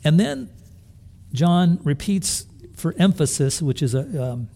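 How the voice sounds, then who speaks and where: Slow, creaky and mellow, this pastor's slightly high voice has a sing-song lilt. He delivers an earnest sermon full of rhetorical questions to his listeners, frequently restarting and repeating himself while he thinks.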